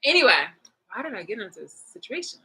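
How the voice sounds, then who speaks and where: A woman's voice: on the high side, sing-song, fast, bright, forceful tone, slightly rough, poor audio. A woman vlogger in a casual, rambling, profane monologue, retelling a movie clip with bursts of laughter.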